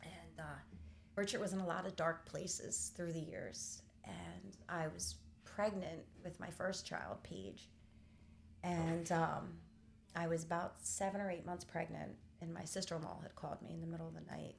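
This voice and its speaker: A middle-aged woman telling a painful family story candidly, pausing often with fillers. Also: fairly low pitch, steady tone, creaky, slight background noise. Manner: candid, halting with many fillers. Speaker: podcast host. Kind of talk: personal storytelling in conversation.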